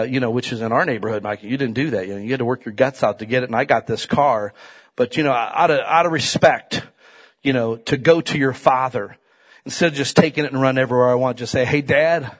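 A middle-aged male pastor preaching a folksy sermon, dropping to quiet asides and rising to loud, emphatic peaks. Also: medium pitch.

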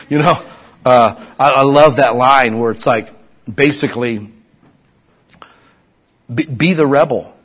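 Husky-voiced man preaching with swings of volume. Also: mid-range voice, slow pace, long pauses. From Ohio. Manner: animated preaching, swinging from loud urging to hushed asides. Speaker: pastor. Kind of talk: sermon.

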